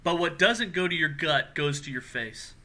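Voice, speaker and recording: A man's voice: fairly high pitch, expressive, normal speed, sharp tone, slight background noise. A man hosting a casual podcast, reading out silly matchups and laughing often. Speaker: podcast host.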